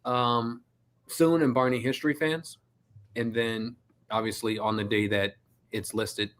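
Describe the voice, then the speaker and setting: A young man with a Detroit accent chats on a podcast at an ordinary middle pitch. He is lively and teasing and laughs often as he talks. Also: measured pace. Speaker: podcast co-host. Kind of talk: casual chat.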